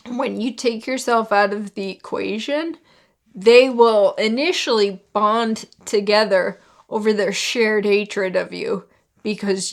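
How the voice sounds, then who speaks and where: A young woman talking candidly to camera in a personal vlog, with lots of fillers and sarcastic asides. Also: medium pitch. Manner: candid, frequent "like" and "you know", sarcastic asides. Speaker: vlogger.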